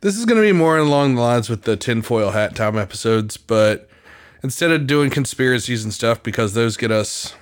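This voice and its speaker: A man's voice: mid-range voice, animated, moderate pace. Rambling man hosting a podcast. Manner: rambling, self-interrupting. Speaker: podcast host. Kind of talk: casual chat.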